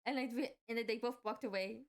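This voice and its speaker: A woman's voice: fairly high pitch, fast. A young woman telling a work story casually, with rambling restarts and frequent fillers. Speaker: vlogger.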